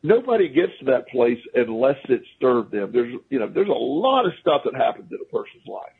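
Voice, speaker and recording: Heard through a phone-line call to a talk radio show, a man with a gravelly, breathy mid-range voice swings widely in pitch and speaks a little fast. His storytelling is rambling and casual, full of restarts and his own chuckles.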